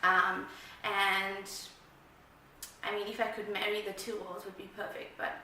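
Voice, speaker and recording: A woman's voice: medium pitch, level tone, a little slow, bright, forceful tone, slight background noise. A South African woman vlogging, casual and rambling, laughing at herself as she chats to the camera. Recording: very echoey room, mic far off.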